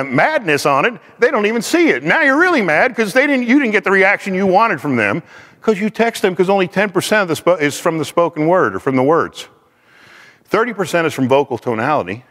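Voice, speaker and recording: Male teacher, lively delivery, slightly high voice, long hall reverb. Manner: animated, acts out quoted people in voices. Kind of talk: teaching talk to a class.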